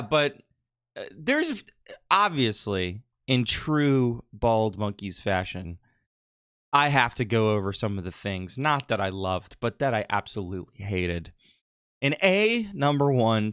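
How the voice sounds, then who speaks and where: A man's voice: mid-range voice, fairly bright tone, smooth, dry recording, studio quality. A man co-hosting a casual wrestling podcast, opinionated and ranting. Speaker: podcast co-host.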